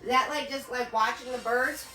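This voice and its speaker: A woman's voice: a little high, steady tone, normal speed, sharp tone. A woman teaching a live painting lesson, chatting and greeting viewers by name with pet names like sweetie and hon. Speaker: painting instructor. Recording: echoey room with faint music.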